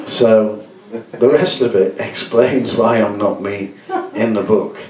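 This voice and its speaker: A man's voice: lowish voice, very slow, crowd noise. Rambling older man, echoey from afar. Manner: rambling, anecdotal, laughing often. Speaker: musician speaking at a book event. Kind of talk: casual talk to an audience. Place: gallery event. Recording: echoey room from far off.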